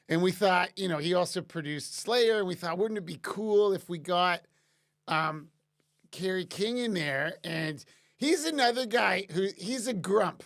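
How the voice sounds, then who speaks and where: A man's voice: high voice, a bit bright. Rambling man on a live stream. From Canada. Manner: rambling, lots of fillers and restarts. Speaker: musician answering live-stream chat questions. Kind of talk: casual live-stream chat.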